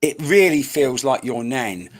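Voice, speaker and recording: Man, psychic medium, live-stream reading, chatty and searching, talks to viewers by name, computer mic, mid pitch. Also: animated, a little slow. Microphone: computer microphone.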